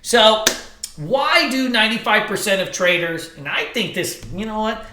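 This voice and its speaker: An animated man running a live trading seminar, joking and swearing as he tells stories. His voice sits high and swoops widely. It rings bright around a roomy hall. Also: moderate pace, faint music behind. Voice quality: animated, profane, joking storyteller. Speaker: trading instructor. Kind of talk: live seminar talk to an audience.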